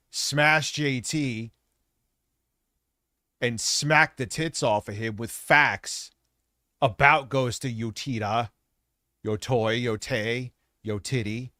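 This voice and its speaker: A man's voice: mid-range voice, bright, forceful tone, dry recording, studio quality. A man streaming live and ranting crudely, swearing constantly, and mocking the people he criticizes. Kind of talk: profane live-stream rant.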